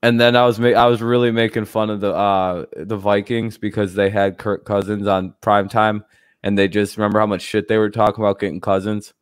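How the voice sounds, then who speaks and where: A man's voice: on the low side, flat delivery, brisk, clear, resonant tone, no room sound, studio quality. A man hosting a casual livestream, rambling loosely and swearing freely, with frequent laughs. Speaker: streamer host.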